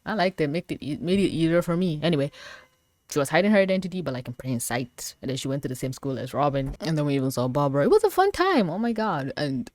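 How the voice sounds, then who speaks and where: A woman with a lowish voice gushes and rants about a cartoon, jumping from loud outbursts to near-mumbled asides. She sounds close to the mic in a dry, deadened space. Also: quick pace, no room sound. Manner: excitable, rambling, swings between loud outbursts and muttering; dramatic mock-outraged asides. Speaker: video reviewer. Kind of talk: casual reaction commentary.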